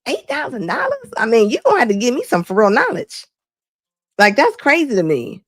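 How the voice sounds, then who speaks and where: A woman's voice: on the high side, huge pitch swings, no room sound, clean studio sound. Sassy woman hosting a live reaction. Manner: laughing, sassy, rapid asides. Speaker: live stream host. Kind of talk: casual reaction commentary.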